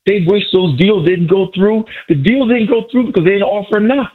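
A male caller phoning a sports radio show, excitedly boasting about his team and repeating himself. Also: high voice, a little fast, slightly rough, narrow, tinny audio.

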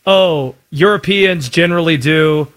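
A man hosting a sports talk show, chatting casually in an animated, jokey way. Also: fairly high pitch. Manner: animated, jokey, quick to riff.

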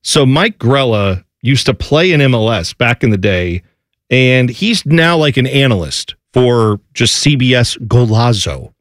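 Animated male sports radio host. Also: mid-range voice, a little slow, no room sound, clean studio sound. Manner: animated, rambling, jokey. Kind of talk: casual sports chat.

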